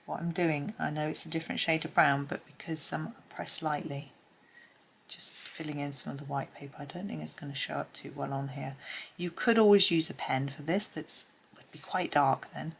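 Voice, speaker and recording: Low-pitched gravelly woman murmuring a tutorial. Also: fairly even intonation, moderate pace. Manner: chatty, thinks aloud, drops to a murmur now and then. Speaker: colouring tutor. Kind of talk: casual tutorial chat while colouring.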